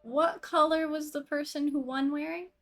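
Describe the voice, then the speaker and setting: A playful woman with a high voice, chatting eagerly as a player at a tabletop game. She giggles and pitches ideas with quick enthusiasm. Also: steady tone, a bit bright, soft background music. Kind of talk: casual tabletop play.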